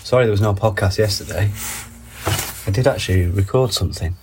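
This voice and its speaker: A man with a very low, deep voice rambles casually through his podcast while nursing a cold. He talks into a phone in a greenhouse, tossing in wry asides, with faint birdsong and outdoor noise behind him. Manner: chatty, wry asides, reads labels aloud haltingly. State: under the weather with a cold. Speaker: podcast host. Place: garden greenhouse.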